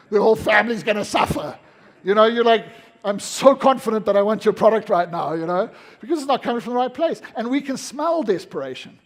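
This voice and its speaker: A South African man giving an energetic, emphatic seminar talk to a live audience in an event room. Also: high-pitched. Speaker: motivational speaker.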